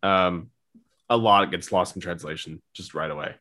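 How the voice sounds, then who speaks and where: A man's voice: low voice, normal speed, pushed and bright. A young man co-hosting a podcast, talking casually and rambling with lots of filler words. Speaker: podcast co-host. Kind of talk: casual chat.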